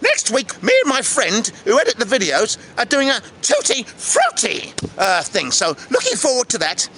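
A man hosting his own vlog outdoors by a city river, animated, jokey and often shouting. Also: extremely high pitch, normal speed, a little hiss or hum. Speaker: vlog host and actor. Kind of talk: excitable outdoor vlog chat.

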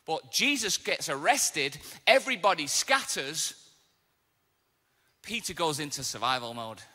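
Male pastor, sermon, bright cutting tone, fairly high pitch, animated storytelling, long hall reverb. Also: measured pace. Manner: animated storytelling, casual asides. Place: church auditorium.

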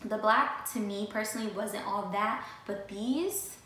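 A young woman vlogs a casual, high-energy sneaker haul, speaking straight to viewers about her new pair. Her mid-range voice is a little slow and a bit bright, and faint noise sits in the echoey room.

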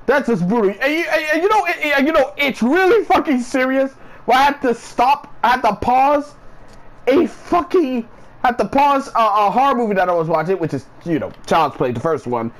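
A man's voice: very high-pitched, expressive, moderate pace, low-quality recording. A man ranting in a casual vlog, swearing a lot, repeating himself and sounding incredulous. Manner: profane, repetitive, incredulous ranting. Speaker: sports vlogger.

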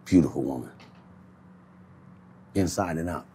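A man in a candid street interview, speaking in a low-key, reflective way and swearing freely. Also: a little slow, mellow, slight background noise.

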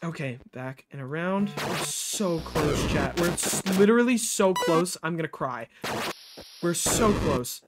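A livestreamer giving live gameplay commentary, frustrated and swearing a lot, talking to themself and to chat, swinging from low muttering to sudden loud outbursts. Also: animated, unhurried, heavy background noise.

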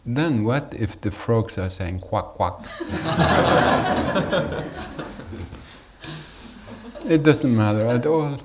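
A man giving a spiritual talk as a teacher, unhurried and playful, chuckling often. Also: mid-range voice, lively intonation, heavy background noise.

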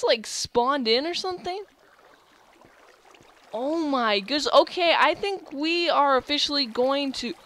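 Bright, gushing young gamer. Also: medium pitch. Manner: excitable and gushing, with frequent restarts. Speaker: gaming video host. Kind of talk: let's-play gameplay commentary.

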